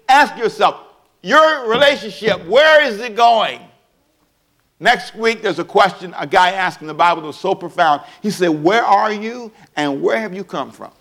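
A man preaching a sermon as pastor, repeating rhetorical questions and swinging between hushed and loud delivery while calling on the congregation to respond. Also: sits high, moderate pace.

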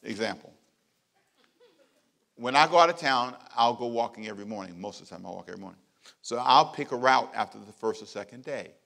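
A middle-aged man, a pastor, preaching a sermon with emphatic repeated phrases and big swings in loudness. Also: mid-range voice, animated, a little fast, creaky.

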